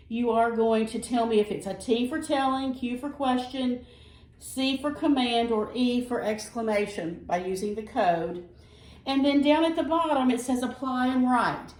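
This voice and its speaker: A woman teacher reading example sentences slowly and explaining grammar step by step in a patient, careful way. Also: a little high, a little mellow. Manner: slow, patient, reads sentences aloud carefully. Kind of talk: recorded classroom lesson. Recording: echoey room, far from mic.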